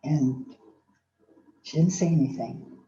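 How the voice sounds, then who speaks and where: An older woman telling a personal story dramatically, acting out voices and swinging between loud and soft. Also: low voice, unhurried, slight background noise. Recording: roomy, dull sound.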